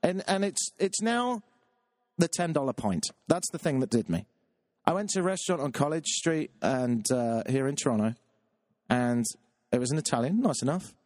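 A man's voice: animated, moderate pace, a little mellow, no echo, clean studio sound. Exasperated British man ranting on his show. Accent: British English. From Britain. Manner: exasperated, self-mocking, jumps into a high squeaky voice when riled. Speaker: show host. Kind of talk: comic monologue rant. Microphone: webcam setup.

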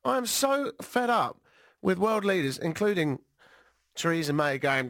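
A British man hosting a talk radio show, sarcastic and animated, jet-lagged. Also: on the high side, brisk, vocal fry, dry recording, studio quality. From Britain. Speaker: radio host.

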